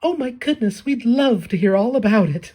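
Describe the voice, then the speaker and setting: A man's voice: sits high, very animated, normal speed, slightly rough, pitched above the performer's own voice, full character voice. A man voicing a cheerful, meddling young vampire girl in a raised, eager, sweet tone while reading his comic aloud. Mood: delighted.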